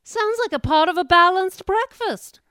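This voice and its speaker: A woman voicing a hungry little kid pleading with mom at breakfast in a whiny, drawn-out way. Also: very high voice, lively intonation, bright, forceful tone, no room sound, pitched above the performer's own voice, exaggerated voice.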